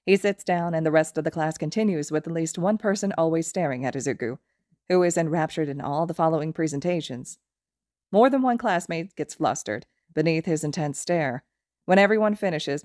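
A woman reading fan fiction aloud as a podfic, with steady, expressive storytelling. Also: low-pitched, fairly quick, no room sound, studio quality. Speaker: podfic reader.

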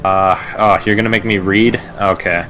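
A man's voice: lowish voice, little pitch movement, normal speed, bright, forceful tone. A man co-hosting a casual game let's play, wry and teasing, over faint game music. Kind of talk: casual gameplay chat.

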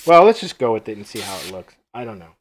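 A man's voice: lowish voice, very animated, fast. Easygoing man talking through a paint job. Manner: easygoing, rambling, self-joking; thinks aloud while working. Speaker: mask artist demonstrating painting. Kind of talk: live painting tutorial.

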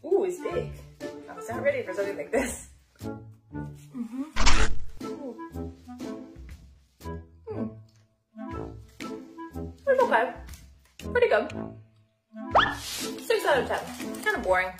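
Giggly high-voiced woman tasting snacks. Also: big pitch swings, slow, long pauses, roomy sound, music in the background. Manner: chatty, giggly, talks with her mouth full. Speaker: snack taster. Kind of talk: casual snack review vlog.

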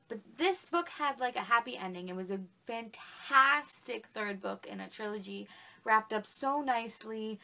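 Gushing young woman with a high voice. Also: a bit bright. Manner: gushing, emotional, says "like" and "literally" a lot. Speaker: book vlogger. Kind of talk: casual chat.

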